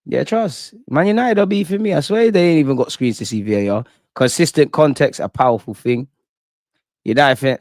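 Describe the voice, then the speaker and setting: A man's voice: medium pitch, no room sound. Young guy hyped up reading chat on a live stream, cursing a lot, dry mic. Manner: excitable, slangy, swears, reads chat aloud. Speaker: football fan channel host. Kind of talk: live post-match reaction stream.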